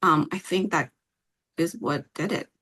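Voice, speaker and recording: A woman's voice: lowish voice, a bit bright, breathy edge. Woman guest telling her story candidly. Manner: candid, halting personal storytelling. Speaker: guest, company founder. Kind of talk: casual interview chat.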